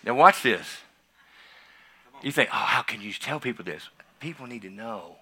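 A man who is a pastor, telling a personal testimony in a sermon, swinging from quiet asides to loud, excited emphasis. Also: on the low side, moderate pace, husky.

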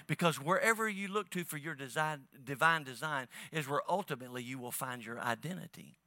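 A man preaching a sermon as pastor, talking to his congregation in a casual, halting way, with many restarts. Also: on the high side, sharp tone, no room sound.

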